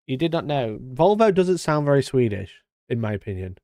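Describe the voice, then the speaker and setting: A British man hosting a casual live stream, chatty and mock-indignant, talking into a boom-arm mic. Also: sing-song, normal speed, warm tone, dry recording. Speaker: streamer host. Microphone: studio mic on boom arm.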